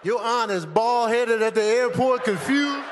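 A man with a very high voice performs live stand-up on a comedy stage, talking into a handheld mic. He is animated and often bursts into shouted impressions of airport staff. A faint hum of noise sits under his voice. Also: unhurried. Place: comedy stage with a laughing audience.

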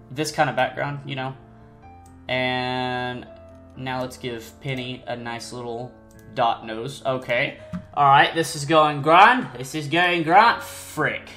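A man casually commenting on his own gameplay. He rambles, pokes fun at himself and breaks into sudden excited squeals. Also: medium pitch. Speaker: gaming channel host. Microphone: desk mic, no face cam. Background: faint game music.

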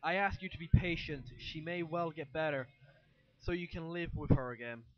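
A man reading aloud as a patient, reassuring male doctor in a measured tone. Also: a little high, dry recording, highs cut off, natural voice.

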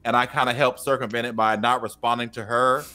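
A man's voice: mid-range voice, a little fast. A man telling a classroom story in casual podcast chat, acting out quoted lines with a raised voice. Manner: animated, acts out quotes with a raised voice. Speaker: teacher and podcast co-host.

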